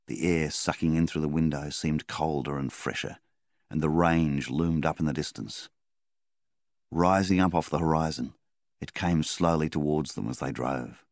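A man with a very deep voice narrates a story at a calm, measured pace. The recording is close and dry, with no room sound. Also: dry recording. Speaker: story reader. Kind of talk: audiobook narration.

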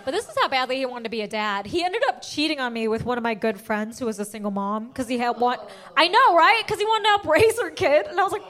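A woman's voice: sits high, fast talker, fairly bright tone. A young adult woman performing a stand-up comedy routine, telling a story and acting out the quotes.

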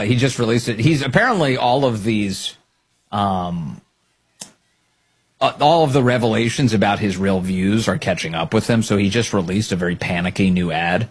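A man's voice: fairly low pitch, brisk, breathy edge. A middle-aged man hosting opinionated political commentary, sarcastic and mocking, laughing often.

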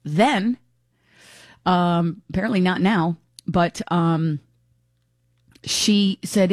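A woman's voice: fairly low pitch, drawn-out words, long pauses, no room sound, studio quality. A woman hosting a talk radio show, chatting frankly and giving her opinions in a casual, unscripted way. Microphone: studio microphone.

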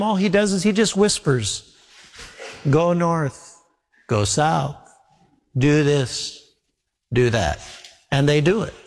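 A male pastor preaching a sermon in a folksy, repetitive way, telling homely stories. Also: on the high side. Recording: long reverb of a large hall.

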